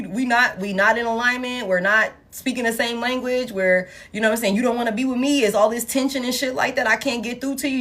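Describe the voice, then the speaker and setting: A woman giving a casual, blunt and profane tarot reading to her viewers, laughing often. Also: mid-range voice. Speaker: tarot reader.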